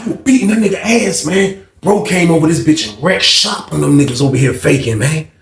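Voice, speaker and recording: Brief: a lively man from Virginia telling a story, high voice, echoey room. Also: a little fast, hardly any pauses, slight background noise. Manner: animated, profane, acts out other people. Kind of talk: casual storytelling. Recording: roomy echo.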